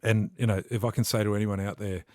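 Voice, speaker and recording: Earnest low-voiced boxer. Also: male voice, fairly even intonation, fast, no echo. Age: 40s. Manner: earnest, motivational, rambling. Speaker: guest, boxer and coach. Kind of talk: casual podcast chat.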